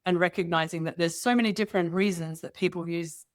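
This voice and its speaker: A middle-aged woman guest telling personal stories in casual conversation, lively and acting out dialogue with quoted voices. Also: fairly low pitch, fast talker, no echo, clean studio sound. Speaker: interview guest.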